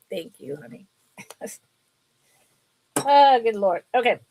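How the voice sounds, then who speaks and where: A woman's voice: a little high, sing-song, extremely slow, mellow. A woman hosting a casual live sale from her table, chatty and rambling, laughing often as she shows items. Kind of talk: casual live selling stream.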